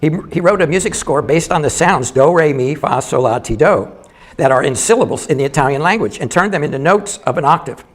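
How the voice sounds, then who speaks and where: Here an older comic works a live crowd, his slightly high voice halting and circling back as he restarts lines and lets out small chuckles.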